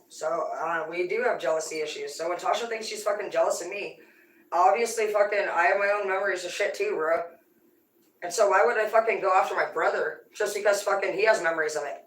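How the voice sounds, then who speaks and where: A woman livestreaming a rambling, confrontational rant full of swearing. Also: lowish voice. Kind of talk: live-stream rant to viewers. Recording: roomy sound, distant from mic.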